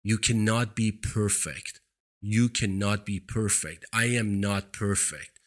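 A man's voice: on the low side, steady tone, slow pace. A man with a foreign accent, a non-native English speaker, giving an earnest, emphatic motivational monologue into a microphone as a talk show host. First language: not English. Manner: earnest, emphatic, repeats points for stress. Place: seated indoors. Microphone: studio microphone.

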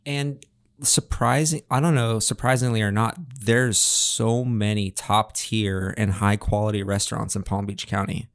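A man's voice: lowish voice, fairly even intonation, unhurried. A man hosting a casual podcast interview in a studio, joking and playfully sarcastic. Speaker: podcast host.

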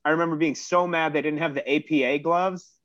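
A man's voice: a little high, fairly even intonation, fairly quick, a bit bright, dry recording. A man in his thirties telling a rambling, self-mocking story in casual chat and swearing freely. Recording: dull lo-fi dry recording.

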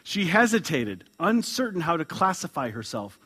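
Lively-voiced male pastor preaching. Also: on the high side, moderate pace, slightly rough. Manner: lively, chuckling, swings from loud to hushed. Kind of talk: sermon with read-aloud story.

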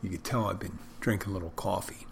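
A man, a bartender who podcasts, talking in a rambling, self-deprecating casual monologue with a loud barking delivery. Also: sits low, steady tone, quick pace, gravelly, soft background music.

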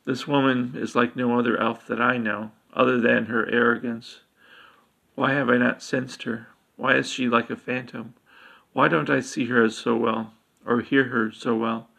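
A man with a gravelly voice reading the lines of a troubled female elf seer, speaking in a solemn, brooding way. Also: mid-range voice, flat delivery, moderate pace, sharp tone. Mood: urgent.

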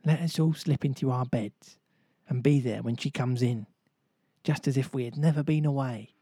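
A man reading a storybook aloud, voicing a gentle, motherly young girl who speaks softly and earnestly. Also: mid-range voice, normal speed, breathy edge, dry recording, clean studio sound.

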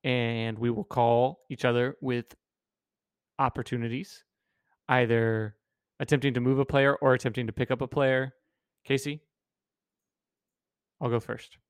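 A man's voice: medium pitch, fairly even intonation, measured pace, pauses often, clean tone, no room sound, studio quality. A man co-hosting a casual sports podcast, goofy and playful, pushing silly bits on his co-host.

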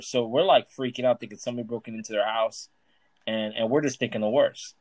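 A Miami-accented man tells a story on a casual podcast at a brisk, excitable clip. His voice has a medium male pitch. It is recorded dry and close, with no room around it. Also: no room sound, poor audio. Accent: Miami English. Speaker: podcast co-host.

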